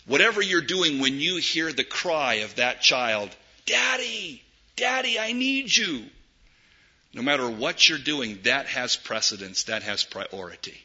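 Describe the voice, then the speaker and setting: Emphatic preacher, bright but husky, slow. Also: male voice, animated. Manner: dramatic preaching, swings from loud emphatic peaks to hushed low asides. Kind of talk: sermon. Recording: dull lo-fi recording.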